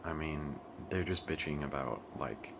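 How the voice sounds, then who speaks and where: Speaking in a very low, creaky yet slightly bright voice, a young man from the US who vlogs from Asia talks a little slowly in a loose monologue. He stumbles, starts over often and laughs as he goes, with soft background hiss.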